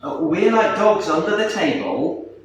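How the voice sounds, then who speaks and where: A man's voice: sits high, sing-song, a little slow, recorded from a distance, a little hiss or hum. Man preaching in an echoey church. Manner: conversational, asks the room rhetorical questions. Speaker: pastor. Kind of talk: sermon. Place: church hall.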